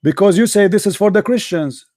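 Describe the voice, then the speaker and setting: A combative man argues his side of a religious debate, mocking his opponent and hammering the same phrases again and again. His voice sits high for a man. The sound is close and dry, with almost no room echo. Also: fairly quick, mellow. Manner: combative, mocking, repeats himself. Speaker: debate host.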